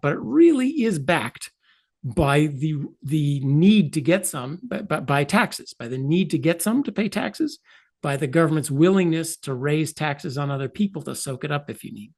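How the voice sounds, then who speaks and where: Man in his sixties, interview guest, lively swooping delivery, emphatic, wry asides. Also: a little high. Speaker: economist guest. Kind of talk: explanatory interview talk.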